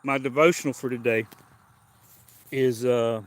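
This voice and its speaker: A relaxed man hosting a casual livestream. He chats in an easygoing, unhurried way, greets his viewers by name and reads aloud at a steady pace. His voice sits at an ordinary middle pitch. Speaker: live stream host. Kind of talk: casual livestream chat with devotional reading.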